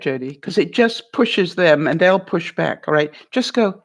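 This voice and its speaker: A woman's voice: lowish voice, lively intonation, normal speed. A woman coaching someone through a hard conversation on her advice vlog. She talks in an encouraging, playful way, laughs often and keeps checking in with "all right?". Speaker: vlogger giving life advice. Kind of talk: coaching talk to a guest.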